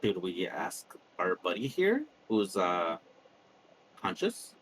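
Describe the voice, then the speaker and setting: A man speaking quietly and offhand as a player in a tabletop game on a voice call. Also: low voice, huge pitch swings, slow, a little hiss or hum, poor audio. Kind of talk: casual tabletop play on a call.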